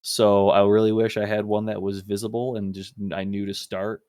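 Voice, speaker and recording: A man's voice: on the low side, level tone, a little fast, a little mellow, no room sound, studio quality. A young man co-hosting a casual podcast, talking up his fantasy team in a boastful, profane, rambling way. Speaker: podcast co-host. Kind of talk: casual fantasy football banter.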